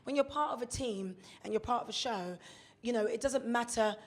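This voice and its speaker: A young British woman with a fairly high voice chats about her stage work in a relaxed live interview. She is bubbly and excitable, full of quick asides and bursts of laughter. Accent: British English. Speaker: cast member, stage actress. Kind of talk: casual live interview chat.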